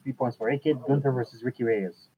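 A man hosting a casual chat in an unhurried way, often pausing on "uh" and restarting his sentences. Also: medium pitch, fairly even intonation, crowd noise. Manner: unhurried, fills pauses with "uh" and restarts. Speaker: podcast host. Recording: tinny phone-like line.

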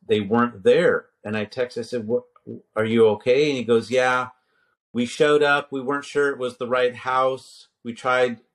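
Speaking in a mid-range voice, a man in his fifties who teaches at a seminary recounts a story conversationally, often starting sentences over and quoting what he and other people said.

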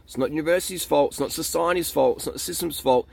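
A man's voice: a little high, fast, creaky, darkish tone, a little hiss or hum. A young man vlogging blunt, emphatic life advice, repeating his points for emphasis. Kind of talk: motivational advice monologue.

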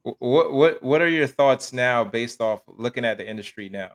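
A man hosts a podcast in a casual interview style. He mostly gives short replies and asks quick, loose questions. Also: mid-range voice, slight background noise. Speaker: podcast host.

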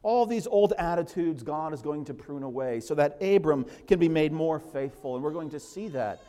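A man pastor preaching an expository sermon in a church, telling the story with lively voices and an occasional laugh. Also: fairly high pitch, moderate pace. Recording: long hall reverb.

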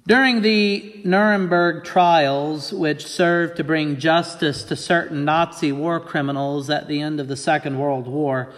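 Earnest male pastor reading scripture and preaching, slightly high voice, echoey church. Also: steady tone, a little slow, few pauses, fairly bright tone.

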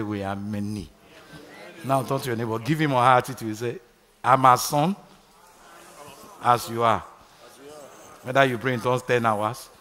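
A man's voice: medium pitch, fairly bright tone, big-room sound. A Nigerian man preaching a sermon, calling out to his congregation for responses. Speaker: pastor. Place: large church hall.

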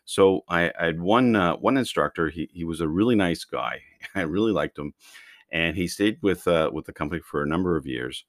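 A man's voice: deep voice, normal speed, dry recording, studio quality. A man from Canada hosting a podcast, telling driving instructor stories in a chatty, playful way. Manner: chatty storytelling with restarts and playful asides. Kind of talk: casual monologue podcast.

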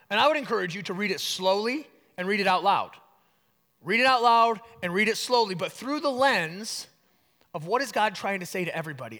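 Bright, casual pastor in a reverberant hall. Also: male voice, high-pitched. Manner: casual, conversational teaching with playful asides. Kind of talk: sermon.

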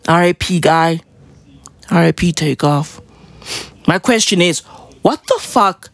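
A woman's voice: mid-range voice, no room sound. A woman doing a rambling, irreverent comic rant, exclaiming and tagging "right?" onto her lines. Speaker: comedian.

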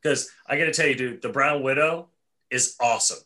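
Man, podcast host, bright tone, eager, loose casual chat. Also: medium pitch, a little fast. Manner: enthusiastic, says "dude" often.

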